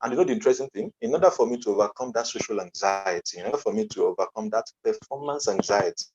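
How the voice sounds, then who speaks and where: A man's voice: fairly low pitch, animated, fast talker, background noise. Earnest Nigerian man, motivational talk. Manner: earnest, emphatic, repeats phrases, laughs now and then. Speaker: motivational speaker and coach. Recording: dull lo-fi online conference audio.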